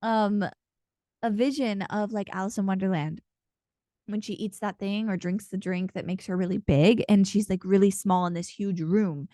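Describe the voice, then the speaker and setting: A woman's voice: medium pitch, fairly even intonation, moderate pace, mellow, no echo, clean studio sound. A woman giving a casual, channeled card reading in an earnest, intense way, rambling and full of fillers as she speaks. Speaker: intuitive card reader and channeler.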